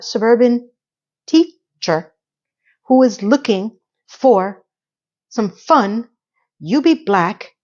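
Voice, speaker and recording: A woman's voice: mid-range voice, darkish tone. Woman, middle-aged, casual recap vlog, sarcastic, chatty asides, slightly dull lo-fi recording. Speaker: TV episode recapper.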